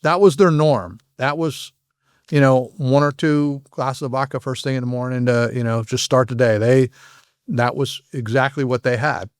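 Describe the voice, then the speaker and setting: A former FBI agent with a medium-pitched, fairly evenly intoned, clean-toned voice tells frank anecdotes as a podcast guest. He is halting and often restarts his sentences, and the studio sound is clean with no echo.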